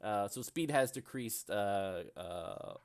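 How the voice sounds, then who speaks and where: A man's voice: fairly low pitch, animated, slow. A man running a tabletop game as its game master, talking through rules and scenes at an easy, rambling pace. He speaks in loose sentences that are full of fillers and restarts.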